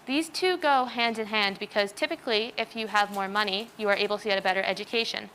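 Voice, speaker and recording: A woman's voice: mid-range voice, fast talker, a bit bright, a little hiss or hum. A teenage girl giving an earnest, example-filled student talk on a school stage. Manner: earnest, explanatory, uses many examples. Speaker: student speaker. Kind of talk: prepared presentation talk.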